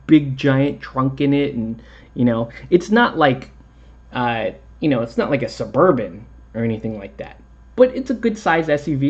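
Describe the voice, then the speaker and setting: A man's voice: medium pitch, a little mellow. Chatty man, dull lo-fi sound. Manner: rambling, chatty, laughs often. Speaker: miniature painting host. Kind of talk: casual chat while painting a tutorial.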